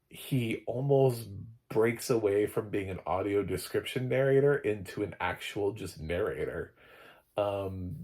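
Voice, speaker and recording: A man's voice: low voice, a little mellow. A man, a film critic, casually reviewing a show and rambling with lots of "like" and "you know.". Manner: rambling, filler-heavy, frequent "like" and "you know". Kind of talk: casual review talk to camera.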